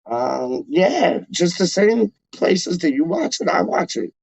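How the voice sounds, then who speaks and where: A man's voice: sits high, big pitch swings, takes it slowly, gravelly, darkish tone, husky, dry recording. A man hosting a casual live stream, rambling in slangy talk full of filler words as he reads out chat messages. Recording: dull lo-fi dry recording.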